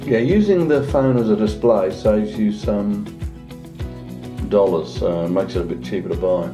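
A man's voice: measured pace, over music. A man talking casually through a home vlog, unboxing a drone and chatting as he goes. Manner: chatty, talks to his dog in a high singsong voice. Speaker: vlogger.

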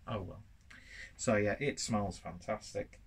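A man's voice: fairly low pitch, measured pace, creaky, slightly rough. A man from northern England with a well-spoken southern English accent, reviewing a beer at home in a chatty, rambling, self-deprecating way. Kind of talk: casual review vlog. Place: home, while cooking.

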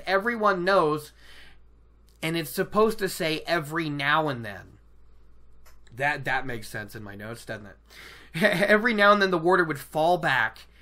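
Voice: mid-range voice, bright, forceful tone. A podcast host retelling a fantasy novel chapter in a casual, enthusiastic, rambling way, laughing often. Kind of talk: casual book-discussion podcast.

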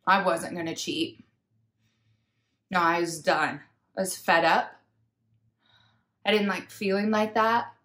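Slow, candid young woman vlogger. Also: on the low side, fairly even intonation, fairly bright tone. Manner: candid, reflective, retells inner talk and dialogue. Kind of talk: personal storytelling vlog.

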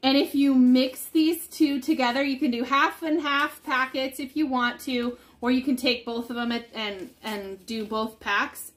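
Bubbly high-voiced woman showing products. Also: fairly even intonation, measured pace, few pauses. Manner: bubbly, chatty, rambling. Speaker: product seller. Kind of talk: casual product showcase.

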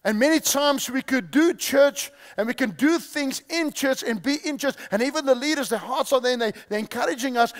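High-voiced male preacher in a big hall. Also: fairly quick, few pauses. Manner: repeats key phrases, quizzes the audience. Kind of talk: sermon. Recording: long hall reverb.

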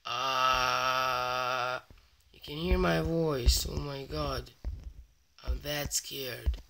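A man's voice: a little high, slow pace, gravelly, a little hiss or hum. A young man hosting a horror game let's play, whispering and exclaiming in fear as he plays. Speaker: gaming channel host.

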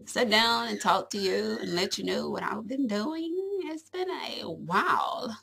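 A woman's voice: mid-range voice, expressive, a little slow, vocal fry, sharp tone, breathy edge. A young woman chatting casually to camera at home. She is giggly and rambling and fills her talk with little asides. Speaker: vlogger.

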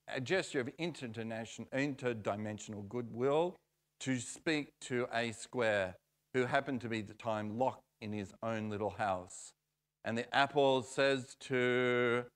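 Slow, smooth-voiced male preacher. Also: mid-range voice. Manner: unhurried, playful storyteller. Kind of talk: storytelling sermon. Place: church.

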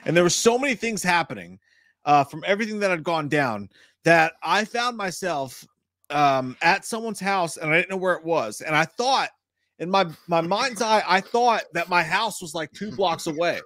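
A man's voice: high-pitched, animated, moderate pace, a bit bright, no room sound, studio quality. A man in his thirties chiming in with jokes and then rambling about his own night in casual chat. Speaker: podcast co-host.

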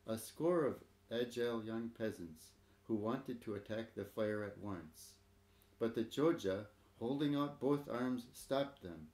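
A man narrating a story in a measured, dramatic reading. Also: lowish voice, a little mellow, reverberant.

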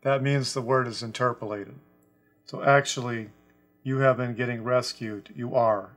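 A man of middle pitch gives a scripture lesson in a deliberate, measured way. He leans on single quoted words as he explains them. Soft music plays faintly underneath. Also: steady tone. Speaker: Bible teacher.

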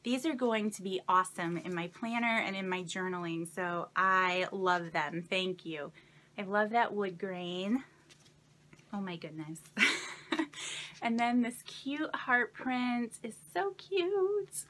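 Speaking slowly in an expressive, mid-range voice, a young woman unboxes crafting gifts for her vlog in a relaxed, to-camera chat. She's effusive and gushing, full of exclamations and soft laughter, thanking whoever sent them again and again.

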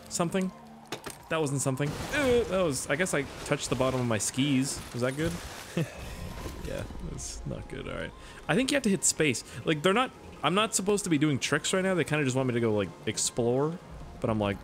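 Excitable swearing gamer guy. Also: on the high side, a little fast, background noise. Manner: excitable, swears a lot, laughs at own jokes. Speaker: gaming YouTuber. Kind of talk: let's-play commentary.

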